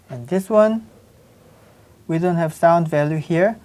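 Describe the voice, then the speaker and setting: Low-voiced woman teaching slow, patient, keeps repeating sounds and asking "right?". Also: animated, warm tone. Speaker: Korean language teacher. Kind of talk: slow explanatory lesson with spoken examples.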